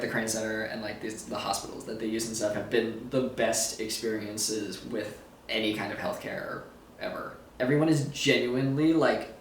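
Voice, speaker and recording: A man's voice: medium pitch, a bit bright, a little hiss or hum. Young male vlogger, groggy and giggling as he rambles, recorded at a distance from the mic. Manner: rambling, giggly, loses his thread. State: sore throat, groggy after surgery. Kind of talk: casual storytelling vlog. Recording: echoey room, a bit far from mic.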